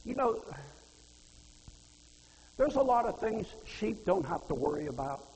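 A man's voice: sits high, very animated, unhurried, creaky, darkish tone. A man preaching a sermon in a folksy way, asking the congregation questions and quoting scripture. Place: church hall. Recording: reverberant hall.

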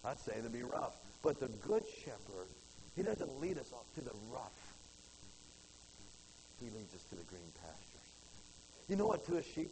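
A man preaching a folksy sermon to his church, swinging from loud to hushed. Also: mid-range voice, very animated, moderate pace, pauses often, slight background noise, poor audio. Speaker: pastor.

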